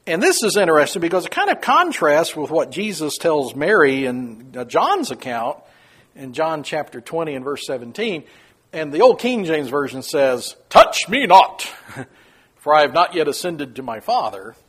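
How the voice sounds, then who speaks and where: Husky guy explaining scripture, laughs a lot, voice bounces all over. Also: sing-song, normal speed, fairly bright tone. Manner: folksy, chuckling, acts out quoted lines in a high voice. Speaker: Bible teacher. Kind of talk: casual Bible study teaching.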